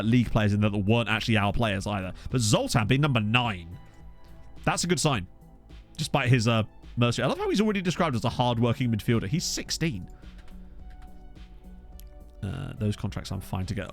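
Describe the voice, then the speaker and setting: A man in casual let's-play commentary, chatty and self-mocking as he thinks out loud at a desk microphone. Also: mid-range voice. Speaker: gaming YouTuber. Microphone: USB desk microphone.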